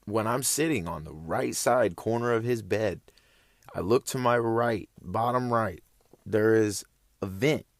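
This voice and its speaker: A man's voice: fairly low pitch, measured pace, no room sound, clean studio sound. A young man casually telling a story, laid-back and slangy, rambling along with loose phrasing.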